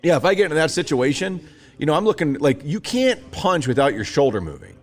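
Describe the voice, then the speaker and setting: A man's voice: a little high, fast talker. A man in his thirties co-hosting a podcast, telling a story in casual chat and acting out the voices of the people in it. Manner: animated storyteller, acts out quoted voices. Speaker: podcast co-host.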